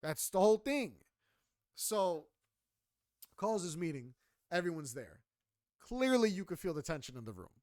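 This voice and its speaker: A young man co-hosting a podcast, telling a story in a casual, animated and heavily profane way. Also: sits high, unhurried, pauses often, dry recording, clean studio sound. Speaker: podcast co-host.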